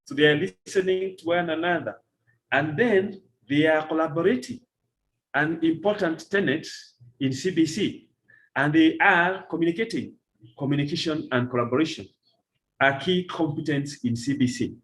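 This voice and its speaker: A middle-aged man giving a workshop lecture to teachers, deliberate and repeating key phrases for emphasis. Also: a little high, fairly bright tone, poor audio. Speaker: teacher trainer.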